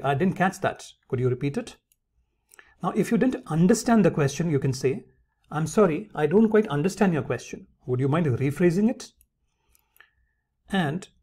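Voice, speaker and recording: Husky-voiced man teaching English phrases. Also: a little high, dark tone. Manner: addresses viewers as friends, reads example phrases aloud. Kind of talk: instructional lesson.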